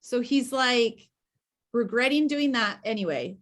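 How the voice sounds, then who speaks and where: A woman hosting a book club on a video call, retelling the story in an animated and emotional way. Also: fairly high pitch, measured pace. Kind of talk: casual book discussion.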